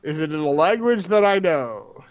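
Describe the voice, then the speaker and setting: A man's voice: a little high, big pitch swings, normal speed. A man playing a tabletop game, stating his actions in short, matter-of-fact lines. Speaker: player. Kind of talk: casual tabletop play. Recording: dull lo-fi sound.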